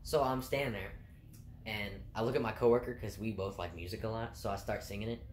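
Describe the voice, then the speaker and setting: A man's voice: lowish voice, fairly even intonation, fairly quick, slight background noise. A young man casually rambling through funny stories from his food court job, laughing and swearing as he goes. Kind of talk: casual storytelling.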